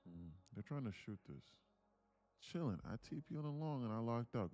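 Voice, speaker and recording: A man day trading on a live stream, talking to himself in low mutters and sudden excited bursts, laughing often. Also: moderate pace, faint music behind. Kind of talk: casual live-stream commentary.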